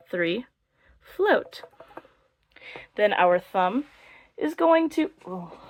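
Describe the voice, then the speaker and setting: A young woman teaching beginner flute, explaining step by step with playful, self-mocking jokes. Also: mid-range voice. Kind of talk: casual instructional video.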